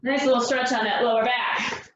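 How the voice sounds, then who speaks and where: A woman's voice: a little high, fairly even intonation, normal speed, fairly bright tone. A woman leading a home workout who sounds out of breath as she coaches the moves and counts down the seconds. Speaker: fitness instructor. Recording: echoey room, distant mic, dull sound.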